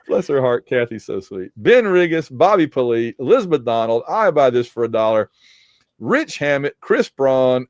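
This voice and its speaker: A man's voice: mid-range voice, very animated, normal speed, no room sound. A man co-hosting a casual podcast and reading supporter names, joking and teasing, his voice getting worn. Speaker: podcast co-host.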